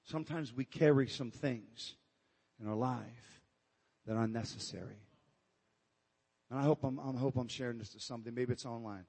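A man's voice: mid-range voice, normal speed, a little mellow, slightly rough, in a large hall. A man preaching a fervent sermon at a live church service, calling out "come on, amen" and at times out of breath. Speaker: pastor. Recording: live church service with praise team music behind. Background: praise team music.

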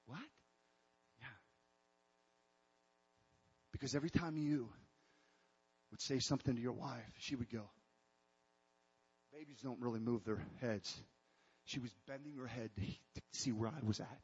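A man's voice: mid-range voice, unhurried, pauses often, breathy edge, big-room sound, highs cut off. A man preaching a sermon to his congregation in an emphatic way, breaking off and restarting as he calls out to them. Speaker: pastor.

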